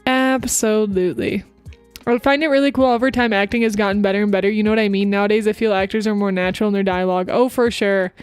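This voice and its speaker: A woman's voice: medium pitch, steady tone, fast talker, clean tone, no echo, faint music behind. A young woman streaming casually, giggling as she chats and reads voice acting drills with exaggerated pacing and emphasis. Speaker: VTuber streamer. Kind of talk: casual livestream chat about voice acting drills.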